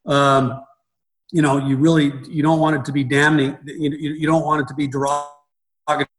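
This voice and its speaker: A man's voice: on the high side, little pitch movement, moderate pace, low-quality recording. A middle-aged man, a baseball coach, talking in an interview, rambling and restarting his sentences often. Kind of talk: conversational interview.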